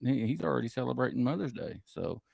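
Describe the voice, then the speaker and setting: A man hosting a live podcast, his gravelly voice swinging up and down as he jokes with his guests. The sound is dry and close. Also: medium pitch, fast talker, no echo. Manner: animated, joking host banter. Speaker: podcast host.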